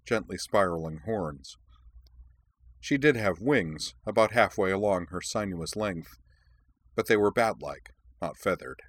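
A man narrating an audiobook in a measured, even reading. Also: low voice, dry recording.

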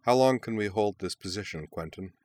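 A man's voice: lowish voice, fairly quick, a little mellow, no echo, natural voice. A man voicing a weary old woman colonel. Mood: calm. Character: weary tough older woman colonel, calm.

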